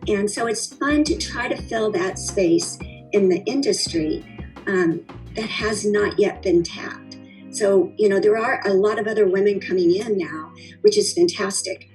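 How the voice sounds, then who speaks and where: A woman's voice: mid-range voice, expressive, normal speed, darkish tone, faint music behind, rough recording. A middle-aged woman telling her story as a guest in an interview, chatty and rambling with many fillers and restarts. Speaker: founder of a cocktail company, interview guest. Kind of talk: conversational interview.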